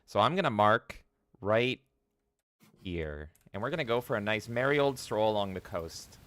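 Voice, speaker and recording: A man's voice: lowish voice, animated, moderate pace, a bit bright, no room sound. A man streaming a video game, giving rambling, casual commentary with frequent swearing and jokes. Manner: rambling, swears freely, jokey.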